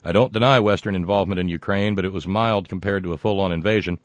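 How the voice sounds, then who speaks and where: A man's voice: sits low, fast talker, no room sound. An older American man hosting a casual show, reading listener mail aloud with wry, digressive asides.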